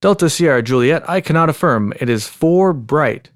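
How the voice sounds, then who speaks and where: A man reading a pilot's radio calls from a transcript in a measured, plain way. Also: on the high side, animated, no echo, clean studio sound, lightly acted. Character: calm adult male pilot on the radio.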